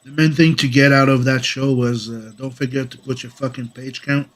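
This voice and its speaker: A man's voice: mid-range voice, steady tone, normal speed. Sick male streamer, casual rambling chat while drawing. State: sick with a cough. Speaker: comic artist streaming.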